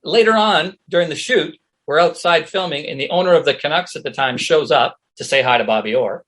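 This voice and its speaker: A middle-aged man from Canada sits in as a guest comedian, spinning casual anecdotes and slipping into the voices of the people he quotes. His voice sits a little high and rings bright. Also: fairly quick. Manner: animated storyteller who acts out quoted voices.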